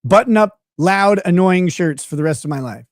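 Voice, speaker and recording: A man's voice: high voice, expressive, moderate pace, no echo, clean studio sound. A man hosting a livestream in casual chat, blunt and profane, laughing often. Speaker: livestream host.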